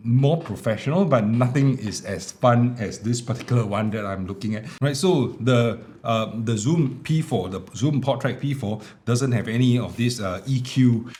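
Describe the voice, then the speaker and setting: Here a man with a mid-range voice talks at normal speed and rarely pauses. He's a tech reviewer doing a relaxed, filler-heavy product demo vlog of a small wireless mic at home, captured on a small wireless clip mic with an air conditioner in the room.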